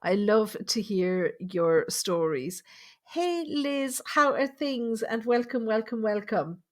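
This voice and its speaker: A woman's voice: fairly high pitch, lively intonation, takes it slowly. A woman with an Irish accent, a spirit medium chatting casually on her live stream at her home computer, greeting viewers and reading their comments aloud. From Ireland.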